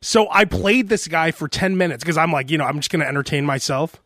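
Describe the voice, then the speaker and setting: A man's voice: fairly high pitch, a little fast, a bit bright, dry recording, clean studio sound. A man hosting a podcast, chatting casually and acting out phone calls as he tells stories. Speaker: podcast host. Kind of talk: casual chat.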